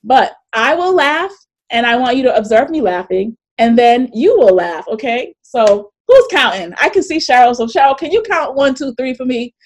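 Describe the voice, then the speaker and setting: Middle-aged lady running a zoom workshop, kinda high voice, chatty, laughs a lot. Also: normal speed. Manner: chatty, animated, laughs often, reads chat comments aloud. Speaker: coach and webinar host. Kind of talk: live online workshop talk. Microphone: video call.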